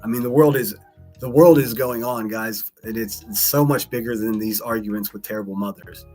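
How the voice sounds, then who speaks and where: Soft background music plays as a live-stream host reacts to clips, reading out messages from chat. He responds bluntly, mockingly, and with profanity, in a mid-range, darkish voice at a steady tone and normal speed.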